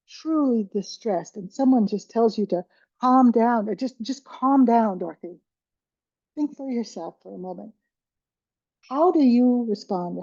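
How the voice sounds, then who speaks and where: Woman, caregiver workshop presenter, conversational, mellow tone, dull dry recording. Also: medium pitch, no echo. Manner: conversational, with frequent restarts and acted-out examples. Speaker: dementia care presenter.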